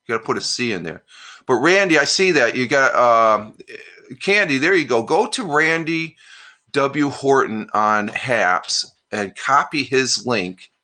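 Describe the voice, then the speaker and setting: Chatty American man with a bright voice. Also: medium pitch, lively intonation, measured pace. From United States. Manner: chatty, rambling, stops and restarts often. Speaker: live stream host. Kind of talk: casual live-stream chat reading comments.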